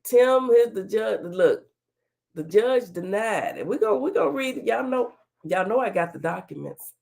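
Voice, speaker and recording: A woman with a medium-pitched, expressive voice that's creaky and a little mellow hosts a casual livestream talk show at a moderate pace. Chatty and folksy, she greets viewers by name, though her voice is still slightly off as she recovers from being sick.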